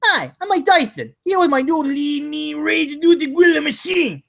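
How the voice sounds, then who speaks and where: A man putting on an impression of a raging boxer selling a grill in a crude, shouted infomercial. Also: very high-pitched, lively intonation, moderate pace, creaky, voice pushed up, full character voice. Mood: menacing.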